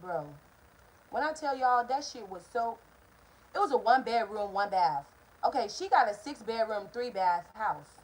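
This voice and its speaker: A woman's voice: a little high, animated, unhurried, rough recording. A young woman, telling a candid, heated story straight to her viewers in a casual storytime vlog from her apartment, swearing freely. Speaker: vlogger. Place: hot apartment room, indoors.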